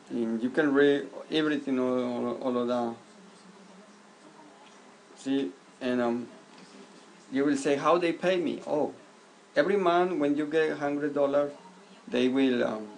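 Gravelly man walking through a tutorial. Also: mid-range voice, a little mellow, rough recording. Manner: halting, repeats words, simple direct instructions. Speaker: YouTuber giving a tutorial. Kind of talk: casual screen-recorded walkthrough. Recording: faint background noise.

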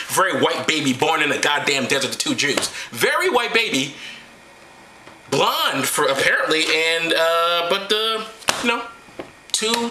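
Sarcastic guy ranting through a bible story, high lively voice, roomy echo. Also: background noise. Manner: profane, rambling, sarcastic. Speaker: host. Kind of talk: comedic Bible retelling.

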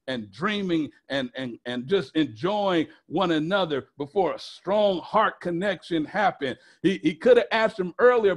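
High-voiced man preaching emphatically. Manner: repetitive, emphatic preaching with call-and-response questions. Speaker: pastor. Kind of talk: sermon.

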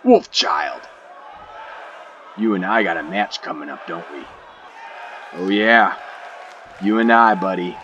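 A man voicing a brash, boastful male wrestler who leads a heel club, taunting his rival with growled shouts. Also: low-pitched, slow, pauses often, highs cut off, a little hiss or hum. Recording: game crowd and music behind.

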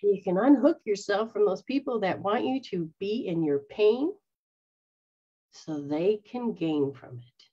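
Woman, spiritual teacher, earnest, acts out quotes, breathy mid pitch, dull recording. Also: expressive, a little slow, warm tone. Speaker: psychic medium and spiritual teacher. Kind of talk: spiritual talk to followers. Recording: dull lo-fi sound.

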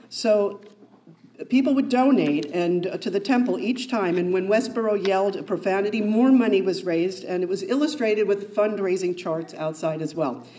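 A woman giving a prepared introduction to a speaker at a meeting, halting and restarting her words. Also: medium pitch, dark tone, slight background noise. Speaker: event host introducing a speaker. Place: meeting room.

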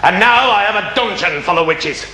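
An actor playing a stern county magistrate who speaks to a jury in a declamatory, questioning manner, from a 1970s television drama. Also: male voice, high voice, lively intonation, moderate pace, bright, forceful tone. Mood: impassioned. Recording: echoey reverberant old film sound.

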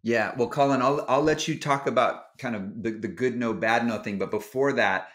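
A man's voice: medium pitch, moderate pace, a bit bright. A man appearing as a guest author on a podcast, explaining ideas in a logical, methodical way. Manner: explanatory, casts himself as the logical one. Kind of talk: casual podcast interview.

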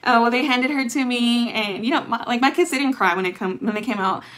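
A woman's voice: a little high, fairly quick, fairly bright tone. A young adult woman vlogging, telling a long story in a chatty way, full of fillers and acted-out quotes. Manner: chatty, lots of fillers, acts out what people said. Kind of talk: casual storytelling.

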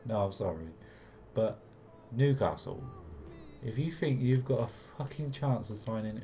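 A young man swearing and reacting excitedly while commentating his own football video game, with game music behind him. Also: medium pitch, unhurried. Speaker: gaming commentator. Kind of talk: casual gameplay commentary.

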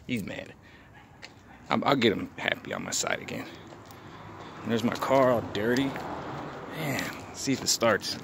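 A man's voice: wildly swooping pitch, a little slow, gravelly, pauses often. Chill dude filming on his phone in a parking lot, faint street noise, talks baby talk to a rabbit. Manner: playful, coos at a pet rabbit in a higher voice. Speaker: vlogger. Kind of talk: casual vlog.

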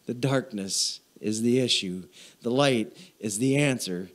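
A male pastor delivers a sermon in a church, hammering short phrases over and over in a steady preaching cadence. His voice sits at a middle pitch for a man. He calls out to the congregation for responses and grows emotional as he reads. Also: a little slow. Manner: emotional, chokes up while reading. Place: church sanctuary.

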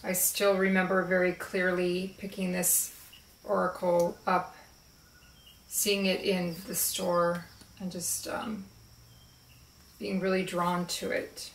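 A woman chatting casually and slowly about her favorite card decks, with relaxed fillers as she shows them. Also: fairly low pitch, distant mic, slight background noise. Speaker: spiritual video creator. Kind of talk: casual show-and-tell chat. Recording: roomy echo, voice a bit off-mic.

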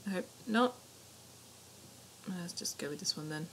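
A woman's voice: fairly low pitch, unhurried. A woman giving casual let's-play commentary, chatty and muttering to herself with mild swearing. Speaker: gaming channel host. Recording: steady clicking noise behind.

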